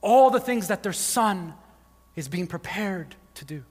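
A male pastor preaching a sermon, telling the story with animated asides and acted-out voices, often saying "like". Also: high voice, measured pace. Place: church hall. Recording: long hall reverb.

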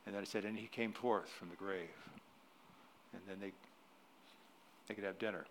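A middle-aged man preaching a sermon in a church, telling a story with loud emphatic peaks that drop to quiet, then closing in prayer. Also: lowish voice, fairly even intonation, moderate pace, slight background noise. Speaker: pastor. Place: church sanctuary.

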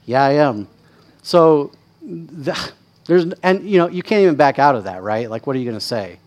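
A man preaching as a pastor, telling stories in a candid, self-deprecating, conversational way, often checking in with his listeners and getting louder and higher when excited. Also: moderate pace. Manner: candid, self-deprecating, chatty with frequent "right?" asides; lively, rising in pitch and volume when excited. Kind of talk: conversational sermon storytelling.

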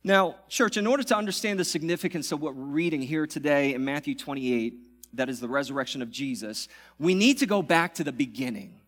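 A man preaching a sermon as pastor, swinging from loud, excited passages to hushed, reverent ones. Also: on the high side, brisk.

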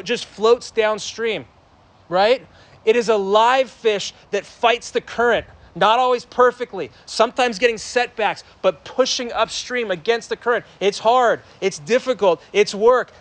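A young man preaching a sermon, his voice pitched high for a man. He half-shouts to carry to the back of a church sanctuary. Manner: loud projecting preaching voice. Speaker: pastor.

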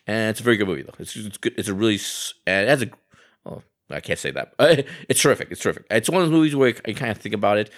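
A man's voice: low voice, a bit bright, smooth. A man who is the movie correspondent on a podcast, chatting in a rambling way and often tacking on "and stuff like that". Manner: rambling, full of restarts and fillers like "and stuff like that". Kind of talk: casual podcast chat.

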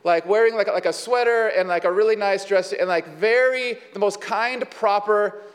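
A man with a high voice preaching to his congregation in a relaxed, chatty way, sprinkling in asides and questions. His words trail off in a long hall reverb. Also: normal speed. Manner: conversational, with many fillers and asides. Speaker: pastor. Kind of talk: sermon.

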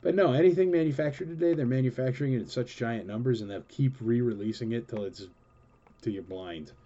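A man chats casually as a show host, working through viewer questions in a rambling, enthusiastic way. His voice is mellow and relaxed. The recording sounds slightly dull and lo-fi. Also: medium pitch, fairly quick. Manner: rambling and enthusiastic, with many fillers. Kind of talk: casual chatty Q&A.

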